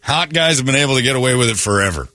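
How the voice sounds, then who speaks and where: A male morning-radio host with a bright, forward voice who swings his pitch all over as he rants. His delivery is mocking and crude, built for comic effect. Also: racing. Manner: mocking, animated ranting.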